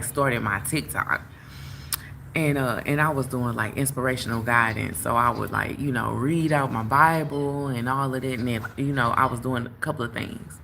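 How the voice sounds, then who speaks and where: A young woman hosting a livestream, telling a story in a casual, animated way straight to her viewers. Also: rumbling low, slight background noise. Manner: animated, talks straight to viewers, lots of "like" and "you know". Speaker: tarot reader and livestream host. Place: outdoors at work, phone livestream.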